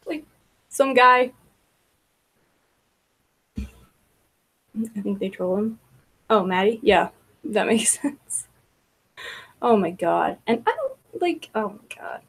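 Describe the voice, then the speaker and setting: A woman's voice: medium pitch, sing-song, extremely slow, vocal fry, pauses often, breathy edge. A woman hosting a casual livestream, rambling about online gossip with frequent laughter, swearing and filler words.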